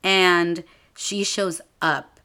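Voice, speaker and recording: A woman in her twenties chats through a movie's plot as a podcast host. Her voice sits a bit low for a woman, and she leans on a steady stream of filler "like"s. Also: drawn-out words. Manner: chatty, with many filler "like"s; acts out characters' lines in a higher voice. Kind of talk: casual movie recap.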